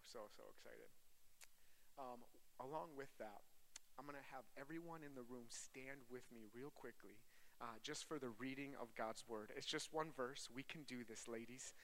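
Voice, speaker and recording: Bright-voiced man preaching to a crowd. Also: medium pitch, a little hiss or hum, poor audio. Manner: chatty, joking, then softly earnest. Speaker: traveling preacher. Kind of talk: sermon to a live audience. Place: large hall with an audience.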